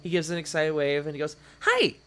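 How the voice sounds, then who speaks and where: A man's voice: fairly high pitch, little pitch movement, fast, clear, resonant tone, soft background music. A man narrating a tabletop game as game master, in loose, rambling narration with frequent restarts.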